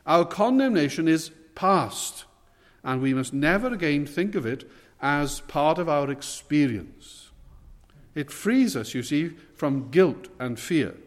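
A man preaching a sermon in a slightly high voice, measured and earnest, pressing hard on the words that matter. His voice rings out with a long hall reverb around it. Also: expressive. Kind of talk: expository sermon.

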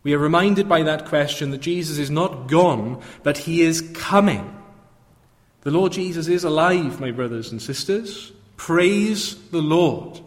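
An earnest man preaching a sermon, his fairly high voice building to fervent proclamation. His words ring out with a long reverb, as in a church hall. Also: normal speed.

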